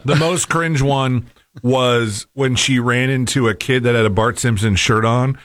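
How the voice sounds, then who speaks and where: A man's voice: medium pitch, fairly even intonation, a little slow, a bit bright, no room sound. A man co-hosting a talk show, chiming in with dry wisecracks. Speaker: show co-host. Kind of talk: casual chat.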